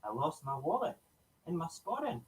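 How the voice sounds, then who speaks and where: A man's voice: on the high side, sing-song, moderate pace, slight background noise, pitched above the performer's own voice, poor audio. A man putting on a merry Scottish ceilidh dancer. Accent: Scottish (put on). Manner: sing-song rhyming recitation.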